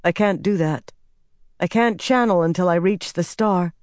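A woman's voice: on the low side, unhurried, a little mellow, dry recording, natural voice. A woman voicing a determined young woman healer who speaks in a commanding way, recorded in a dry room. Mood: troubled.

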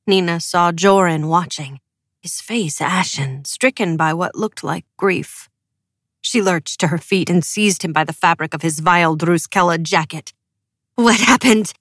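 A woman's voice: lowish voice, measured pace, no echo. Dramatic woman audiobook narrator, dry. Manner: emotive, dramatic. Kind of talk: scripted narration.

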